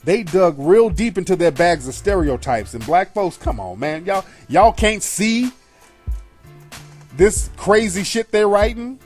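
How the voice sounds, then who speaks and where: A man's voice: high-pitched, lively intonation, a little slow, a little mellow. Blunt, scornful man ranting. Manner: blunt, profane, scornful and emphatic. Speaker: radio show host reviewing a film. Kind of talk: opinionated monologue. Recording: faint music behind.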